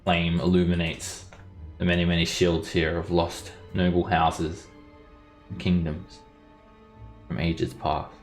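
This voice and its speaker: A man narrating a tabletop game as dungeon master, describing scenes at an unhurried pace. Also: low voice, flat delivery, echoey room, faint music behind.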